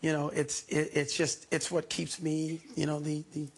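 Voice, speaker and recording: A man's voice: a little high, completely flat delivery, normal speed, vocal fry, husky. A man, an actor, chatting easily as a talk show guest. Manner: easygoing, playful, drawling. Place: TV studio.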